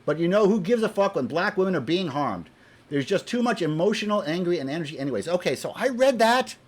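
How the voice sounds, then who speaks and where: A man giving a heated, profane opinion rant to camera. He is exasperated, repeats himself when worked up, and swings between loud outbursts and muttered asides. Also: high voice, big pitch swings, fast. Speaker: video blogger.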